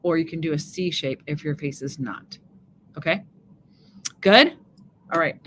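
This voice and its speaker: A woman's voice: sits low, measured pace, a bit bright, slight background noise. A woman giving a chatty live makeup demonstration, often checking in with her viewers. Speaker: makeup presenter on a live stream.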